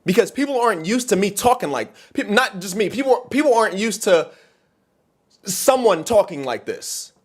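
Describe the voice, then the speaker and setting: A man rants at the camera in a heated, profane video monologue, his voice swinging widely from high to low. He sits somewhat high for a man, and the talk stays animated throughout. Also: normal speed. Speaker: content creator.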